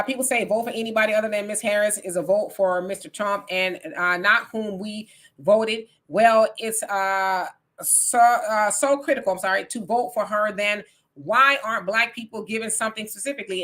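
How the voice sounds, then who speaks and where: Woman host for a live call-in style stream, bright, emphatic, casual. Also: mid-range voice, normal speed. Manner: reads viewer comments aloud, then argues back in casual, emphatic speech. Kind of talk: live political talk stream.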